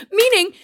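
A young adult woman co-hosting a podcast, telling an animated story, acting out the voices of the people in it, and laughing often. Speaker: podcast co-host. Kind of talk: casual storytelling chat. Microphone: remote call.

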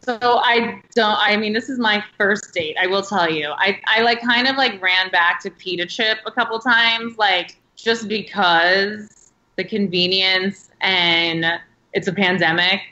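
A woman's voice: medium pitch, measured pace, bright, forceful tone, echoey room, dull audio. A woman in her thirties, talking as a guest in a casual interview, chatty and rambling with many filler words. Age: 30s.

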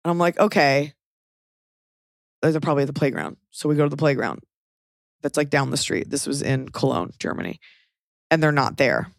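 A podcast host in her thirties tells a rambling, casual story full of fillers and swearing. Her voice is low-pitched with vocal fry, moving at a moderate pace and pausing often. The sound is studio quality with no echo.

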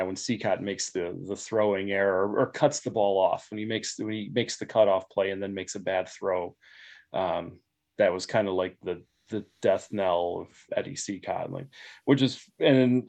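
A man's voice: lowish voice, a little mellow. A man as guest expert, explaining at length with many fillers. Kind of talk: casual discussion.

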